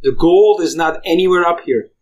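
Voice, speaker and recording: A man quoting a restless, daring male bush pilot from a film, speaking slowly. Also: fairly high pitch, lightly acted. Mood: musing.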